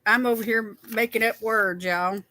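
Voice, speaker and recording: Chatty woman, bright voice. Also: a little high, fairly even intonation, moderate pace. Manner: chatty, greets viewers by name. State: tired. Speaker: skincare livestream host. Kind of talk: casual livestream chat.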